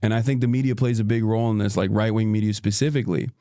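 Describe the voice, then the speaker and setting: A male podcast guest lays out his argument bluntly and swears now and then. His voice is warm and dark, and it is captured close and dry. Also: lowish voice, fairly even intonation, racing, no room sound. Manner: argumentative, explaining with profanity. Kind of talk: casual podcast chat.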